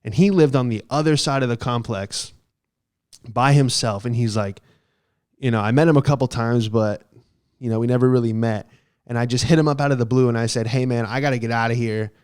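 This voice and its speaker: Young male podcast host, mid-pitched, smooth clear voice, loose profane anecdote style. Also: a little fast, a little mellow. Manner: rambling, profane, heavy on fillers. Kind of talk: casual comic storytelling.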